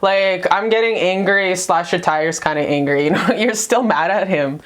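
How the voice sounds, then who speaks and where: A woman giving a casual love tarot reading to the camera, chatty and blunt, swearing freely and calling her viewers "you guys". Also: normal speed. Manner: animated, jumps in pitch for emphasis. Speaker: tarot card reader.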